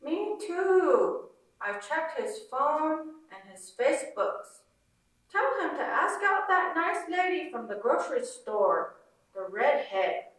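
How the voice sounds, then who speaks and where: A bossy, doting mother speaks through a household smart speaker in a high, scolding lilt, as a woman reading aloud puts her on. Her words come slowly, with a big echoing room around her and the mic some way off. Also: sing-song, fairly bright tone, exaggerated voice. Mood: tender. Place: conference room. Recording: roomy hall from far off.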